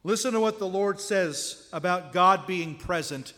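A man's voice: high voice, a little slow, sharp tone, big-room sound. A man preaching a sermon in a conversational way, often asking his listeners rhetorical questions.

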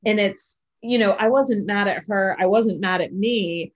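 A woman's voice: medium pitch, unhurried. A woman hosting a casual podcast chat, candid and laughing through her stories. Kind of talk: casual conversation. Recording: dull lo-fi audio.

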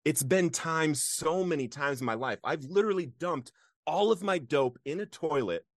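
A man's voice: fairly high pitch, normal speed, no echo. Earnest man telling his story, dry sound. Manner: earnest, laughs often, animated when reliving moments. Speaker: interview guest. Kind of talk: emotional personal storytelling.

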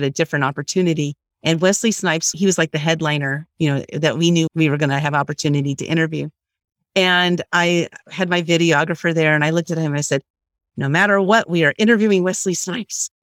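Woman, middle-aged, interview guest, animated storyteller, acts out quotes, dry close sound. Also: sits low, no room sound. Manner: lively storyteller who acts out quoted voices.

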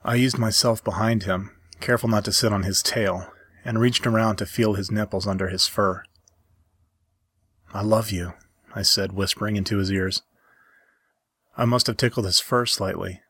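A man reading a story aloud as narrator, telling it in a steady first-person voice. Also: on the low side, moderate pace, breathy edge, dry recording, clean studio sound. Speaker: story reader.

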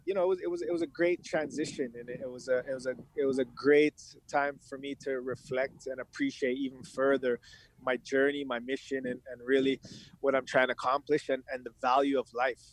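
A man speaking as a podcast guest, reflective and halting, with many restarts, growing animated when he tells stories. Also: mid-range voice. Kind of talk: candid conversational interview.

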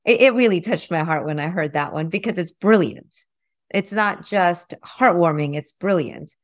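A woman's voice: fairly low pitch, normal speed. A woman hosting a conversation, enthusiastic and effusive. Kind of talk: casual conversation.

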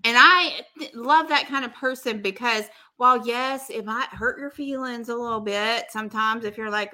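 A woman co-hosting a casual chat, animated and often laughing as she talks. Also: on the high side, normal speed, few pauses. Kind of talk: casual chat recapping reality TV.

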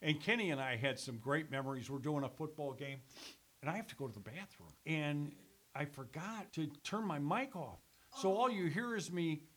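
An older man, a former radio sales executive and sports announcer, telling stories in casual conversation as a lively storyteller who swears casually. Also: a little high, normal speed. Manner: animated storyteller, swears casually, laughs through anecdotes. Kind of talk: casual reminiscing chat.

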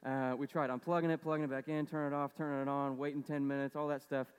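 A man's voice: medium pitch, little pitch movement, fast talker, clear, resonant tone, big-room sound. A man preaching a casual sermon, conversational and storytelling, with lots of fillers. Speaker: pastor.

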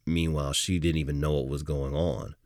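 A middle-aged man hosting a podcast, telling a personal story in an animated, emphatic way that swells as he goes. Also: rumbling low, a little fast, no room sound, studio quality. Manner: animated, emphatic retelling with rising intensity. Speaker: podcast host.

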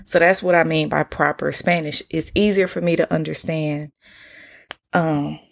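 Gravelly chatty Atlanta woman. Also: low voice, fairly even intonation, normal speed. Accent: Atlanta Southern. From United States. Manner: candid, chatty, swears freely, slangy. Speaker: podcast host. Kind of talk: casual solo podcast storytelling.

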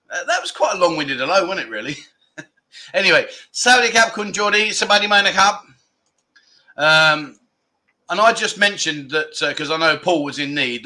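A man hosting a casual livestream, chatty and quick to laugh as he greets viewers and rambles through stories. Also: fairly high pitch, bright, forceful tone. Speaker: livestream host.

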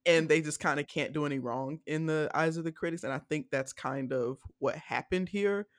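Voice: mid-range voice, normal speed. A podcast co-host talking casually and candidly about a film, with many fillers and laughs. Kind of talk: casual film review chat.

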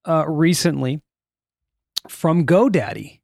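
A man's voice: fairly high pitch, lively intonation, takes it slowly, gravelly, a little mellow, no echo, clean studio sound. A man hosting a podcast, chatting casually and telling rambling, jokey stories. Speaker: podcast host. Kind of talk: casual chat.

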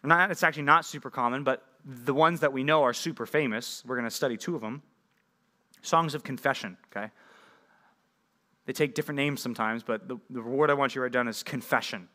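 A man's voice: mid-range voice, a little fast, sharp tone. A man preaching a sermon as a pastor, talking casually and often checking in with questions to his listeners. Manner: conversational, asks the audience frequent questions. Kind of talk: sermon teaching.

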